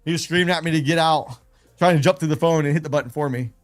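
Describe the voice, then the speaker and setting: Man, stream host, casual rambling chat, somewhat high-pitched, light music in background. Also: quick pace. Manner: rambling, animated, self-deprecating. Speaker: live trading stream host.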